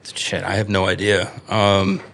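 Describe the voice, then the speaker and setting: A man's voice: low voice, flat delivery, measured pace, gravelly, a bit bright. A man guesting on a casual interview, laid-back and full of fillers as he talks about his business. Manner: laid-back, lots of fillers, laughs easily. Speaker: brewery owner guest.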